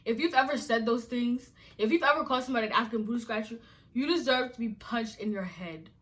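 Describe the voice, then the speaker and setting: Woman from nigeria ranting to camera, really bright sharp voice, emphatic and fed up. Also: on the high side, fast. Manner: exasperated, emphatic, repeats rhetorical questions. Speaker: vlogger. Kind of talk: casual to-camera rant.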